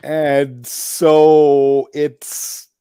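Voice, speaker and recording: A man talks slowly and haltingly in casual conversation, often restarting and repeating words. His voice sits in a middle range and sounds dry and close to the mic. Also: a little high, flat delivery, dark tone, smooth, no echo. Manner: halting, repeats words while searching for a point. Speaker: guest. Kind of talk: casual chat.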